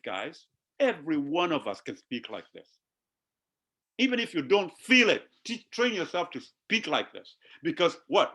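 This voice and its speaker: A man preaching a sermon to his congregation, animated and calling out to them, often repeating his words. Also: a little high. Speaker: pastor.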